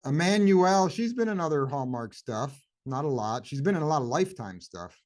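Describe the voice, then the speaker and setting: A man's voice: a little high, very animated, a little fast, darkish tone. A man as a podcast guest in a casual chat about upcoming movies, easygoing and chatty, rambling as he tries to remember.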